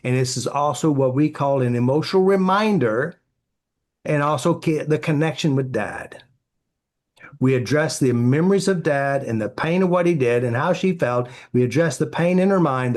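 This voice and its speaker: A man's voice: mid-range voice, a little mellow. A man, a therapy practitioner, answering interview questions with anecdotes, acting out quoted dialogue and filling with "you know".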